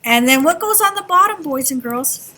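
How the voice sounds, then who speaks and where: High sing-song kindergarten teacher. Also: female voice, lively intonation, normal speed, pushed and bright. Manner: sing-song, encouraging, talks to small children. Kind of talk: classroom instruction. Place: classroom.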